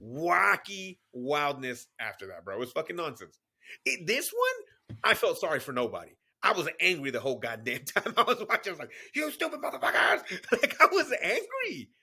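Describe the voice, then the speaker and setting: A high, bright-voiced man in his thirties chats on a podcast. He swings widely in pitch, swears freely and breaks into laughter as he talks. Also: moderate pace, vocal fry, husky. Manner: animated, swears often, laughs a lot. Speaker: podcast co-host. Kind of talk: casual chat.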